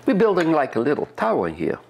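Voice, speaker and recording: A man's voice: a little high, wildly swooping pitch, fast, a little mellow. A man from Europe, a chef, chatting step by step through a cooking demonstration in a kitchen and often repeating his words.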